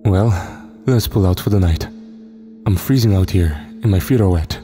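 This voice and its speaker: Man doing FBI task force boss, commanding, matter-of-fact, deep, dark-toned, storybook horror reading. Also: moderate pace, soft background music, close to an everyday voice. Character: male FBI task force leader, desk agent.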